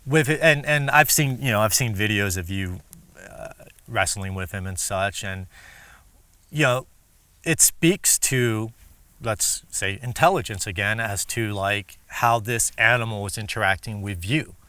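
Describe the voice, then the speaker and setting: Bright-voiced host musing aloud. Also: male voice, lowish voice, a little slow, clear, resonant tone, no echo. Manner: thoughtful, hesitant, many fillers and restarts. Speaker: podcast host. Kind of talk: casual interview chat.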